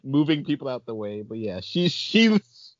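A man hosting a casual podcast chat, animated and laughing often. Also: mid-range voice, normal speed, dry recording. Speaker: podcast host. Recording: dull lo-fi recording.

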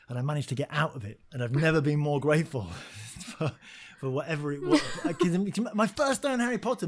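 A man, an actor and guest, tells an animated and self-mocking story in a casual interview, laughing as he goes. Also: a little high.

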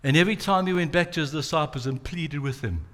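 Male preacher, mid-high voice, dramatic storyteller. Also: quick pace, a bit bright. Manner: dramatic storytelling, acts out quotes. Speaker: pastor. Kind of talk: sermon.

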